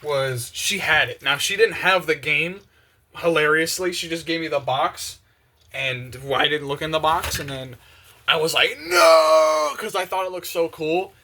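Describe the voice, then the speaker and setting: A man's voice: a little high, measured pace. Slangy young man rambling over the dishes. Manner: excited, slangy, many fillers, acts out quotes. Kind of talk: casual rambling monologue. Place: home kitchen with open windows.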